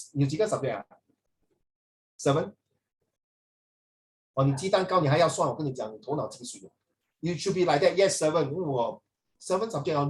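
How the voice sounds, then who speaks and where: A man's voice: on the high side, low-quality recording. A man teaching a casual lesson, switching between English and Mandarin and teasing his students. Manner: playful, teasing.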